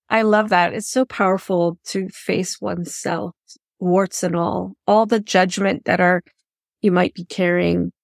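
A woman's voice: lowish voice, fairly even intonation, measured pace, creaky, no room sound, studio quality. A woman hosting an interview podcast, chatting in an earnest, effusive way and thinking aloud as she goes. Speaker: podcast host. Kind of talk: reflective interview chat.

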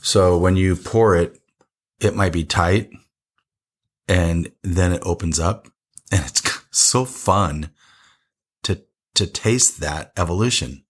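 A man's voice: low-pitched, slow pace, long pauses. A man co-hosting a casual wine tasting show, chatty and rambling, laughing often.

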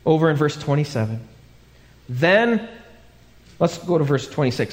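A man's voice: fairly high pitch, very animated, normal speed, pauses often. A male pastor preaching a live sermon, telling a story dramatically and acting out the voices in it. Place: church sanctuary. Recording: live church hall with long reverb.

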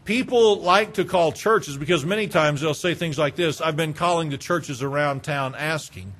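Preacher guy, fairly high voice, emphatic, repeats himself a lot. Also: moderate pace, fairly bright tone. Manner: emphatic, repeats phrases, acts out phone calls. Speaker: pastor. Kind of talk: sermon.

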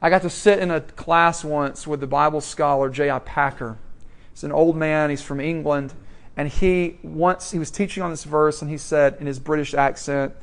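Higher-voiced man preaching. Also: fairly even intonation, moderate pace, smooth. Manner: conversational, rhetorical questions, swings between soft and loud. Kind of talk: sermon.

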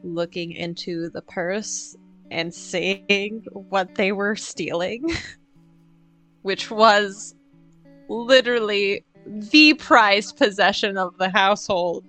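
Female player, bright tone, dramatic in-character narration. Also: mid-range voice, slow pace, soft background music, low-quality recording. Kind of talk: playing a tabletop game.

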